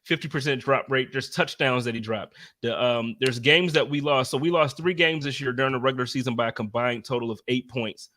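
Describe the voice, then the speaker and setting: A man hosting a casual sports podcast, talking in an energetic, emphatic way. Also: medium pitch, a little fast, hardly any pauses. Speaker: podcast host.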